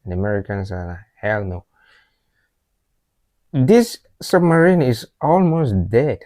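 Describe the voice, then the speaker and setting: A man's voice: mid-range voice, sing-song, normal speed, dark tone, no room sound. A man from Africa hosting a reaction video, talking in an earnest, reflective way that often repeats phrases. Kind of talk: casual reaction commentary.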